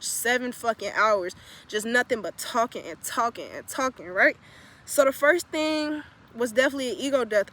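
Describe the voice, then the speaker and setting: This young woman, a spiritual vlogger, tells a confessional story bluntly and profanely, repeating phrases for emphasis. Her voice is a little high with a fairly bright tone.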